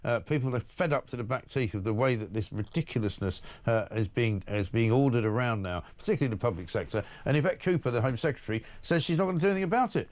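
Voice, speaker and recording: Man, talk radio host, quick delivery, blunt, sarcastic, opinionated. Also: mid-range voice, lively intonation.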